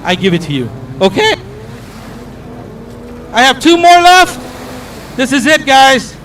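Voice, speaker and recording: High-voiced man hyping an outdoor crowd. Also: a little slow, a little hiss or hum, rough recording. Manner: energetic, counts down and calls for cheers. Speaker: crowd hype host. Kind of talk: live event crowd work.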